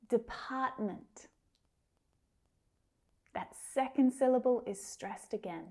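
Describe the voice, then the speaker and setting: A woman teaching English pronunciation, saying words slowly and carefully with drawn-out enunciation, then using them in example sentences. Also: fairly high pitch, animated, mellow. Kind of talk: pronunciation lesson.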